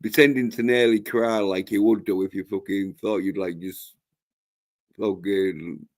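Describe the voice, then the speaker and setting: Slow, low-voiced man rambling profanely. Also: steady tone. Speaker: livestream host. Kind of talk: casual chat.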